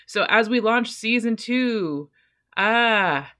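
A woman's voice: fairly high pitch, takes it slowly. A woman hosting a podcast, talking energetically and casually, with slang and blunt swearing. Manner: energetic, slangy, says "y'all"; fighter speaking plainly, swears freely. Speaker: podcast host.

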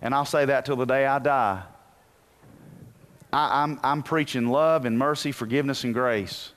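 A man preaching a sermon as pastor, moving from quiet asides to loud bursts and telling folksy, humorous stories. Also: medium pitch, fairly even intonation, moderate pace.

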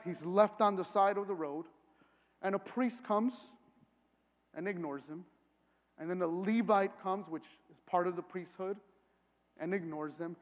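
A man with a very high speaking voice preaches a sermon in an earnest tone, pressing his points until he is nearly shouting. His words ring out with a long reverb, as in a large church hall. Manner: earnest, builds to emphatic near-shouting. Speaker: pastor.

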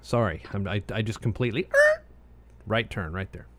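A man's voice: fairly low pitch, moderate pace. An American man co-hosting a casual chat show, meandering easily with frequent asides. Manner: relaxed, meandering, many restarts and filler asides. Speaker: co-host.

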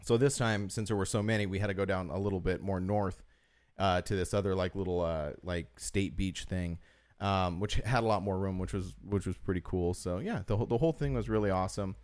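A man's voice: low-pitched, fairly quick, a little mellow. A man co-hosting a podcast, chatting casually and telling long stories full of fillers. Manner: rambling storyteller, heavy use of "like". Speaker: podcast co-host. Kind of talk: casual chat.

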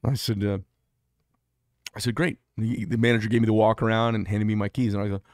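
A middle-aged man speaks in a low register, blunt and unpolished, often doubling back mid-sentence. The sound is dry and close, with no room echo. He talks straight to the camera in a candid personal monologue. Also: level tone, fairly quick, darkish tone. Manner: blunt, rambling, self-interrupting. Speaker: veteran vlogger.

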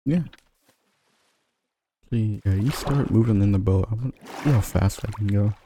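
A man's voice: lowish voice, normal speed, noisy background. A man chatting playfully and easily with a friend while they play a game together. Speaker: gamer. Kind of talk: casual co-op gameplay chat.

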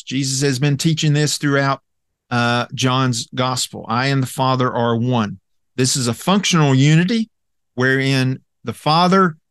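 A man teaching through a Bible passage in an earnest, emphatic way, often pausing with "uh" and checking in with "okay?". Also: fairly high pitch, a bit bright, dry recording, clean studio sound.

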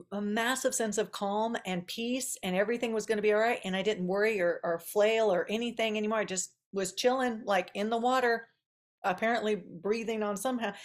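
A woman hosting a podcast, telling a childhood story in casual chat, chatty and given to laughing and trailing asides. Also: mid-range voice. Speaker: podcast host.

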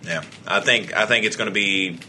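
Laid-back young man with a bright voice. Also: lowish voice, normal speed, slight background noise. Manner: laid-back, joking, swears, laughs often. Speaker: podcast co-host. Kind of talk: casual chat.

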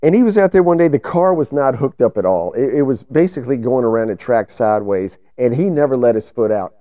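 A man co-hosting a podcast in casual banter, his pitch swinging lively as he rambles through stories. His voice is mellow and dark, recorded close and dry. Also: fairly quick, dry recording. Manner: loose, laid-back storytelling with profanity. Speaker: podcast co-host.

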